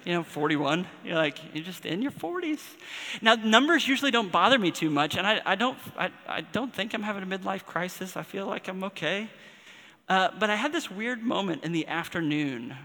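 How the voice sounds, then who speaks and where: A man in his forties delivers a sermon in a slightly high, ringing voice. He speaks earnestly and personally, letting pauses build the intensity. The sound carries the long reverb of a large hall. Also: expressive, bright, forceful tone. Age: 40s. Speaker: pastor.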